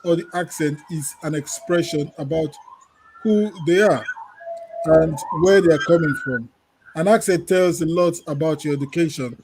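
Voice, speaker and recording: A man from Nigeria co-hosting a casual podcast, who reads a listener comment aloud and then argues against it in a measured way. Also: on the high side, a little mellow, breathy edge, poor audio. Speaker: podcast co-host.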